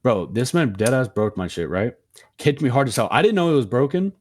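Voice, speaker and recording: A young man co-hosting a podcast, telling a story in a slangy, profane, animated way. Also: mid-range voice, a little fast, a little hiss or hum. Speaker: podcast co-host. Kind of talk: casual storytelling chat.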